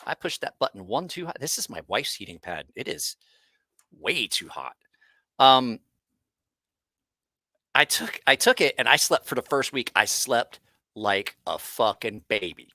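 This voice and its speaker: A man with a bright, forceful voice tells a loose, cursing story to his viewers. He restarts his sentences often and lets the tale wander. The sound is close and dry, with no room around it. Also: medium pitch, no echo. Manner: rambling, profane, frequent restarts. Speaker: host. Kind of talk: casual livestream storytelling.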